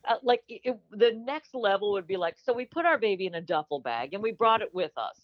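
A woman chatting on a comedy podcast with sardonic, deadpan riffs. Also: medium pitch, fast, dry recording, dull audio.

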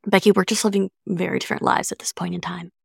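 Strongly gravelly young woman podcaster. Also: fairly low pitch, flat delivery, fast talker, no echo, clean studio sound. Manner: chatty, self-mocking and sarcastic. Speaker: podcast co-host. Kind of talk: casual podcast chat.

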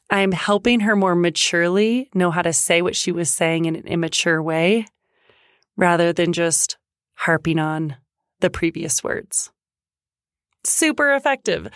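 A woman's voice: on the low side, measured pace, no room sound. Chatty woman parenting coach, dry sound. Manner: chatty, animated, acts out kid and parent lines. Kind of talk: casual advice talk to parents.

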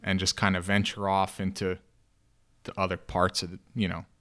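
A man's voice: low voice, monotone, a bit bright. A man playing a hesitant teen mathlete boy. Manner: hesitant, halting announcement. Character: teen boy mathlete who got hot. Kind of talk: improv scene.

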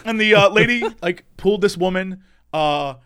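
A man telling a story in casual chat. He is animated, laughs often and acts out the voices. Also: sits high, normal speed, clean tone. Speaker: podcast storyteller.

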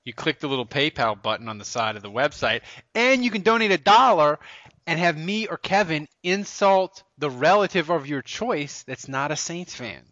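A man hosts a loose, joking podcast, tripping over his words and laughing easily. His bright, lively voice bounces around in pitch. The audio is dry and a little dull. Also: no echo. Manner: rambling, self-correcting, quick to laugh. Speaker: podcast host. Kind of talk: casual podcast banter.

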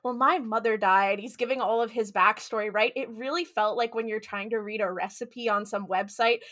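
A woman co-hosting a casual podcast, animated and laughing, acting out scenes in quoted voices. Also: on the high side, a little fast. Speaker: podcast co-host.

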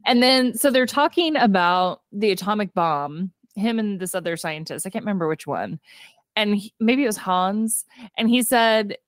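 A chatty woman co-hosts a movie podcast. She retells scenes in a lively storyteller's way, voicing the characters' lines and laughing along. Her voice is mid-pitched and close to the mic, and the room sounds dry. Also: moderate pace, no echo. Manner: chatty storytelling, acts out quotes, laughs often. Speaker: podcast co-host. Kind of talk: casual movie review chat.

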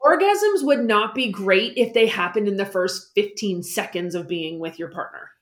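A woman guest explaining money habits in a casual interview, lively and acting out the voices she quotes. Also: medium pitch, moderate pace, roomy sound. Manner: animated, acts out quoted voices.

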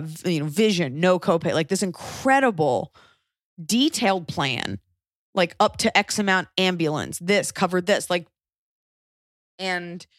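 A woman in her thirties tells a long story in casual conversation, acting out every voice and swearing when she gets heated. Her voice sits a little low. The sound is dry and close. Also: dry recording. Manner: animated, acts out quotes, swears when angry.

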